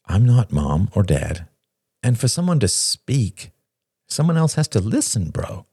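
A man's voice: lowish voice, sing-song, unhurried, warm tone, slightly rough, no room sound, studio quality, voice pushed up, heavily acted. A man voicing an agitated young man who presses his brother insistently.

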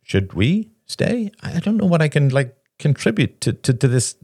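A man's voice: on the high side, big pitch swings, moderate pace, a little mellow, no room sound, studio quality, voice pushed up. A man voicing a young woman who speaks coolly and hesitantly. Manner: cool, hesitant.

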